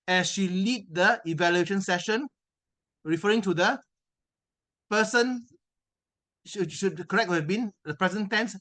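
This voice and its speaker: High, bright-voiced man giving grammar notes. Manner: measured, corrective, repeats words for emphasis. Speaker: grammarian at a speaking club meeting. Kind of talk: reading out a grammar report in an online meeting. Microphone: video call.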